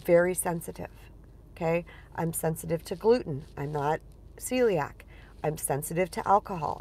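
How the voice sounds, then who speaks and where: A woman coach talking casually on a livestream, chatty and digressive, telling personal stories with animation. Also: on the low side. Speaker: relationship coach.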